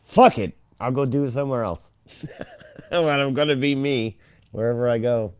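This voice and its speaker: A man hosting a profane conspiracy chat show, ranting and swearing, now and then shouting mockery. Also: medium pitch, moderate pace, clean tone, no echo. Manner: ranting, swears a lot, swings loud and mocking.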